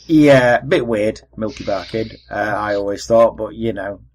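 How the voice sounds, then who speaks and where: A man's voice: on the low side, moderate pace, a little hiss or hum, rough recording. A man with a Welsh accent hosting a podcast, chatting casually with lots of fillers and asides. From Wales. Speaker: podcast host. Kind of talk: casual chat.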